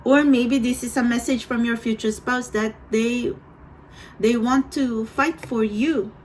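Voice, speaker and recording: A woman's voice: a little high, steady tone, measured pace, darkish tone, a little hiss or hum, poor audio. A woman doing a tarot reading for viewers, rambling and hesitant, with many restarts. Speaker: tarot reader.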